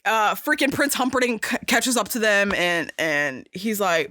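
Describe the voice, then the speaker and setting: A young woman hosting a podcast, casually and excitedly retelling a movie scene with lots of swearing and fillers. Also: medium pitch, a little slow, few pauses, dry recording, studio quality. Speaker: podcast host.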